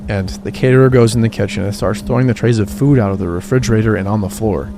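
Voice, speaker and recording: A man narrating a true horror story in a steady, even storytelling read. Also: on the low side, a little fast, few pauses, noisy background. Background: background music.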